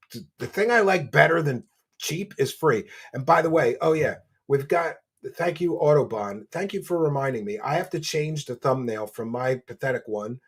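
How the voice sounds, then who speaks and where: A man's voice: fairly high pitch, husky. A man hosting a livestream, reading donations and mocking a guest in a boastful, rambling way. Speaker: livestream host.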